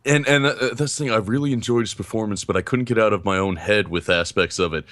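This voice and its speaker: A man co-hosting a podcast, giving a casual film review in an animated, self-deprecating way and laughing often. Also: on the low side, fast, no room sound. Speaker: podcast co-host.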